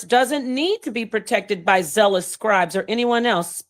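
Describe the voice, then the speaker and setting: A woman's voice: mid-range voice, unhurried. A woman hosting her own channel, teaching on scripture in a casual, emphatic way, reading passages aloud and talking straight to her viewers. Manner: animated, emphatic, reads excerpts aloud and thanks viewers. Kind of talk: casual livestream-style teaching and commentary.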